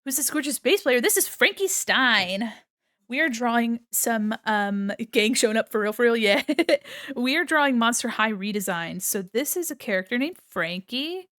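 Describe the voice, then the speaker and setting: A woman's voice: fairly high pitch, lively intonation, moderate pace, fairly bright tone, no room sound, studio quality. Bubbly, giggly young woman streamer. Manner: bubbly, giggly, chatty with viewers; says she sounds a bit like a valley girl. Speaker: VTuber streamer. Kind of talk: casual live-stream chat while drawing.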